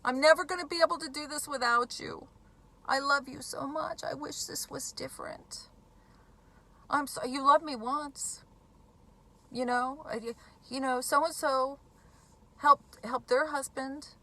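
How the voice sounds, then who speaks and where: A remorseful addict pleads to be allowed to stay, in a high, whiny, drawn-out voice, as a woman puts it on. The tone is bright and begging. It is a voice acted out in a direct-to-camera talk. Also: fairly even intonation, exaggerated voice. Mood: pleading.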